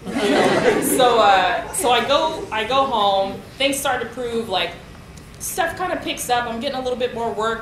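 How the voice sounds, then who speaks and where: A woman in her thirties giving a lecture, telling a story with lots of acted-out quotes and frequent laughter. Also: medium pitch. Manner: animated storyteller, acts out quotes, laughs often. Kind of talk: storytelling talk. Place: lecture hall. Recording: echoey hall with room noise.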